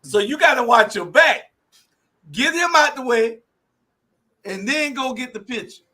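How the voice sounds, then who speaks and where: A man on a sports panel laying out his argument slowly and deliberately. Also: very high-pitched, animated, sharp tone. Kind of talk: casual sports commentary.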